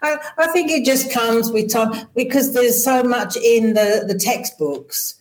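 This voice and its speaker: An English woman answering interview questions as a podcast guest over a video call, with thoughtful, halting phrasing. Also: a little high, reverberant, poor audio. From England. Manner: thoughtful, many restarts and fillers.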